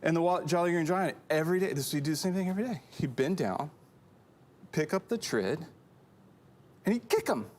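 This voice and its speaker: A man's voice: fairly quick, a little hiss or hum. A man co-hosting a casual church show, telling a long shaggy-dog joke with lots of animation. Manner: animated storyteller, jumps into high squeaky voices for characters. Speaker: co-host.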